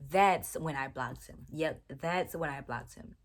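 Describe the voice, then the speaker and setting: A young woman vlogger, telling an animated, exasperated storytime in casual chat. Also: low voice, unhurried.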